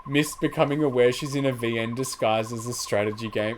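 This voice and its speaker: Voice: medium pitch, brisk, few pauses, a little hiss or hum. A streamer playing through a story game, reading it aloud and making chatty, slangy asides. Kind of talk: game let's play, reading dialogue aloud.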